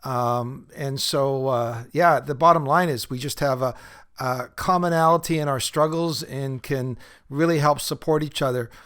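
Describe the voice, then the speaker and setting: A man's voice: mid-range voice, normal speed, a bit bright, clean tone. A man hosting a podcast, talking casually with many fillers and laughing at his own stories as he leads a recovery-group talk.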